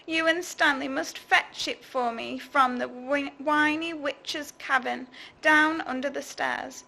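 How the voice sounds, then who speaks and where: A woman's voice: high voice, steady tone, slow, vocal fry, pushed and bright, voice pushed up, exaggerated voice, poor audio. A woman voicing a whiny, demanding male creature in a storybook read-aloud, grumbling and pleading. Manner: grumbling, pleading, sickly complaining.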